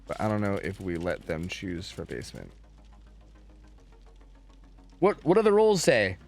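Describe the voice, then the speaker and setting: A low-pitched young man talks at a measured pace over soft background music while streaming a game from home. Casual and foul-mouthed, he rants with plenty of energy and chats directly with his viewers.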